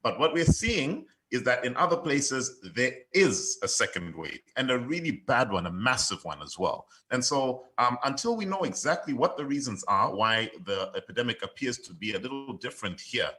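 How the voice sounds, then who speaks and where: A man speaking as a panelist, answering thoughtfully with hesitations and often trailing off quietly. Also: mid-range voice, big pitch swings, normal speed, few pauses, low-quality recording. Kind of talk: panel discussion.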